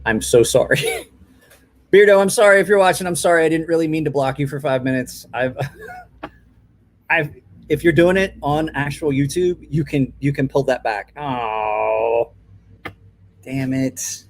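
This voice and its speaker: A man's voice: on the high side, a little slow, pauses often. Tired, rambling man in his forties. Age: 40s. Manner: rambling, apologetic, many fillers and restarts. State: tired and run down. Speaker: live stream host. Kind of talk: casual live stream chat.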